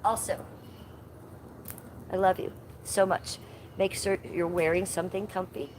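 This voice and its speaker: Woman, livestream host, casual and rambling, slightly low voice, outdoors on a phone mic. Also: fairly even intonation, measured pace, darkish tone, slight background noise. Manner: chatty, easily sidetracked, playful baby talk to animals. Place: outdoors at home, yard with trees.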